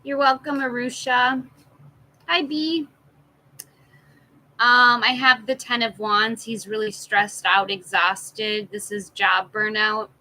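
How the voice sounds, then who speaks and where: A woman runs a live tarot reading and talks slowly, pausing between card meanings and greetings to viewers. Her voice is bright and forward, with an unhurried, easygoing delivery. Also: fairly high pitch, fairly even intonation, poor audio. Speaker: tarot reader hosting a live stream.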